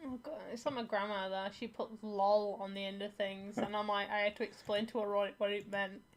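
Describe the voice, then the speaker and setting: A woman's voice: medium pitch, little pitch movement, brisk. A woman chatting casually on a livestream, explaining things in a matter-of-fact way. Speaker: co-host, host's wife.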